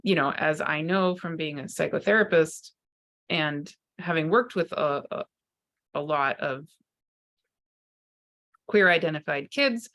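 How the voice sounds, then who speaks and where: Low-voiced woman in earnest spiritual talk. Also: unhurried, pauses often, a bit bright. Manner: earnest, searching, with frequent restarts. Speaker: spiritual teacher and psychotherapist. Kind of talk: unscripted spiritual talk to camera.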